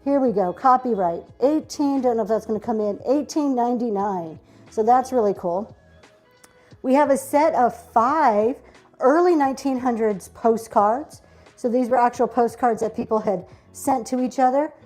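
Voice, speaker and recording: This slightly high, darkish voice moves at a moderate pace over soft background music. A woman is running a live online auction, casually chatting and swooning over each vintage item, with "y'all" and "um" coming up a lot.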